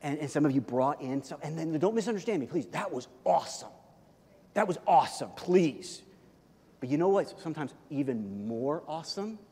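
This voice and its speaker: A male pastor delivers a sermon in an easygoing, storytelling way, full of fillers, restarts and repeated words. His voice sits high. The sound carries the long reverb of a church hall. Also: normal speed, breathy edge. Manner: conversational, animated storytelling with many fillers and repeats.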